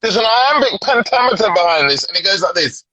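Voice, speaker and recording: A man's voice: high voice, animated, fairly quick, sharp tone. A man joining a casual livestream chat over a video call as the guest, playful and laid-back, trading jokey banter.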